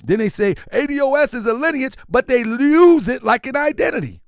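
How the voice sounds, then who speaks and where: A man's voice: extremely high pitch, animated, normal speed, vocal fry, hardly any pauses, no room sound, clean studio sound. A man hosting an opinion commentary show, speaking emphatically and repeating his points, calling his listeners family. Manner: emphatic and repetitive, addressing viewers as family. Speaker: commentary channel host.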